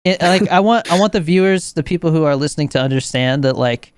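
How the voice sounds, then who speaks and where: Smooth-voiced young man chatting casually. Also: a little high, fast talker, dry recording. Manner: rambling, filler-heavy, laughs often. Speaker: podcast host. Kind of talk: casual chat.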